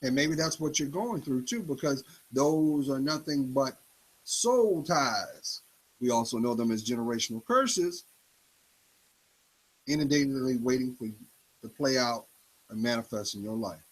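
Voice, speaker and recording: A man giving an emphatic motivational talk in a preachy style, swinging his pitch up and down for effect. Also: expressive, a little slow, breathy edge, poor audio. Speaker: motivational speaker.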